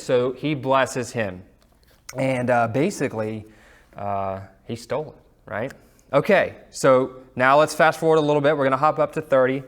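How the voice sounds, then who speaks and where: A man's voice: mid-range voice, moderate pace. Casual male Sunday school teacher. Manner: relaxed and chatty, with fillers and asides. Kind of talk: casual Bible lesson with reading aloud.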